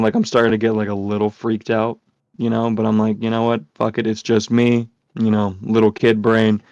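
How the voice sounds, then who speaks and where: A man's voice: fairly low pitch, gravelly, a little mellow, dry recording. A man hosting a podcast, telling a story casually, rambling with lots of swearing and filler words. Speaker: podcast host. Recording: dull lo-fi sound.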